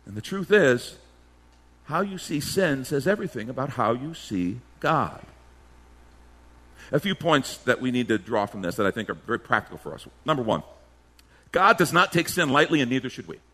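A man's voice: mid-range voice, very animated, moderate pace, pushed and bright. A male pastor preaching a sermon emphatically, firing off rhetorical questions and slipping into mimicked voices.

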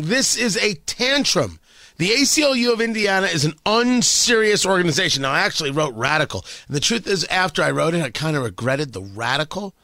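An emphatic male radio host delivering a sarcastic opinion monologue, his fairly high voice leaping around with lively swings in pitch. The tone is bright and cutting, and the studio sound is dry and close. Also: no room sound. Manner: emphatic, sarcastic, repeats phrases for effect.

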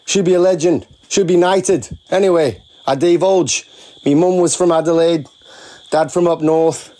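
A man's voice: on the high side, steady tone, moderate pace, mellow. A man from England, leaving a chatty, blokey call-in message in short clipped phrases. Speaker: caller.

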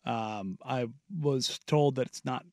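A man on a sports podcast in casual chat, laid-back, often dropping quieter and laughing often. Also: medium pitch, takes it slowly, no room sound, clean studio sound.

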